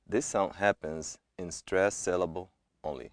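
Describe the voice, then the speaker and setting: A man reading pronunciation examples word by word as a guest reader in a language lesson, with measured, careful delivery. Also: sits low, fairly even intonation, no room sound, studio quality.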